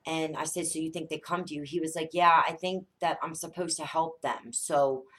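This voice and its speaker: A mother in her thirties, a psychic vlogger, tells a spooky family story in a casual, animated way. She swears often and acts out the dialogue, speaking in a low voice at normal speed.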